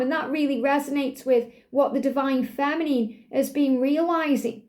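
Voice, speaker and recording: A woman giving a spiritual tarot card reading in a soothing, affirming manner, a little out of breath, repeating phrases slowly. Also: high-pitched, a little mellow.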